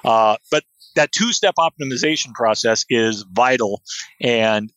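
A man's voice: medium pitch, a little slow, fairly bright tone, dry recording, dull audio. A man talking as a guest in a casual interview, enthusiastic, with many fillers and restarts. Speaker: podcast guest, SEO expert.

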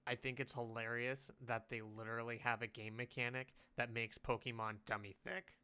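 Casual podcast co-host, male, smooth resonant voice, giggly rambler. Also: medium pitch, level tone, normal speed, pushed and bright. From California. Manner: giggly, rambling storyteller, laughs often.

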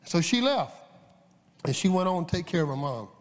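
A man's voice: high voice, very animated, moderate pace. A man preaching a sermon in a folksy, storytelling way, with frequent fillers and restarts. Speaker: guest preacher. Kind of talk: sermon with scripture reading. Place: church sanctuary. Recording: long church reverb.

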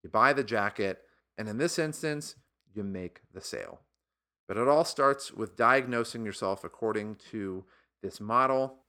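A man's voice: on the low side, unhurried, pushed and bright. A man hosting a sales podcast, talking alone in an earnest, encouraging coaching tone. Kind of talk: motivational solo podcast monologue.

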